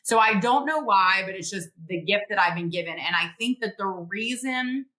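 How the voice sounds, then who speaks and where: A middle-aged woman, a guest author, telling stories in an animated interview, acting out quotes and laughing often. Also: medium pitch, moderate pace, low-quality recording. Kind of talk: podcast interview, storytelling.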